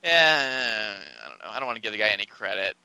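A man co-hosting a casual sports podcast, talking in an animated, scornful and joking way. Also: lowish voice, fast, clean tone, dry recording. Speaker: podcast co-host.

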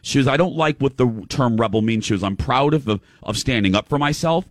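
A man hosting a show in casual chat, telling a story with quick restarts and quoting what others said. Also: mid-range voice, no echo, studio quality. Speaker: show host.

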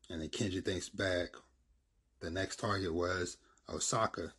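A man's voice: sits low, steady tone, a little slow, fairly bright tone, breathy edge. A man casually retelling a comic's plot in a rambling, filler-heavy way.

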